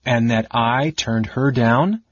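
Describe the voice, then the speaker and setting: A man's voice: mid-range voice, expressive, moderate pace, husky, dry recording, muffled recording. An audiobook narrator voicing a scornful male mage who talks coldly, mocking and sometimes whispering. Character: sickly scornful male mage, cold and cutting.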